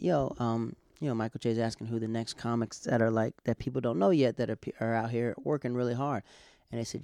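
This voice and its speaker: A man's voice: medium pitch, creaky, dry recording, clean studio sound. Rambling man comedian telling stories. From Florida. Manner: rambling, animated, repeats himself. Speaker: stand-up comedian. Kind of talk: casual storytelling to camera.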